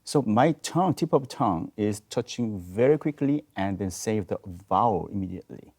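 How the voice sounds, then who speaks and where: A man speaking on a diction panel in a studio, halting and searching for words as he demonstrates syllables aloud. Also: on the low side, lively intonation, darkish tone. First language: Korean. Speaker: roundtable panelist, choir teacher. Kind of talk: explaining diction at a panel discussion. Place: video studio.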